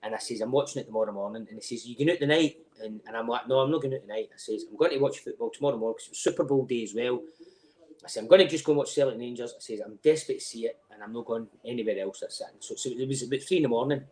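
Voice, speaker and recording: A middle-aged Scottish man tells rowdy stories at a rapid clip as a podcast guest. His voice sits at an ordinary male pitch. He is animated, swears freely and laughs as he goes. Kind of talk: casual anecdote telling.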